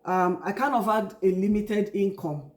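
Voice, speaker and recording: A woman's voice: mid-range voice, normal speed, roomy sound. A Nigerian woman in her forties being interviewed about her life, telling her story openly and acting out remembered dialogue. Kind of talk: casual interview.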